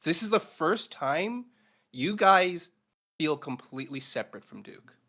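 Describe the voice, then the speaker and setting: A man's voice: a little high, very animated, a little slow, pushed and bright. A man playing in a casual tabletop game, describing his character in a thoughtful, meandering way. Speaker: player.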